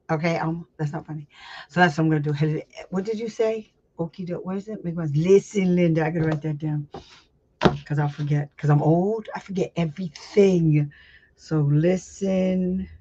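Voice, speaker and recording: A woman's voice: low voice, breathy edge. A woman hosting a casual teaching chat as a special education advocate. She rambles, laughs a lot, and talks bluntly with some salty language. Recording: slightly dull lo-fi sound.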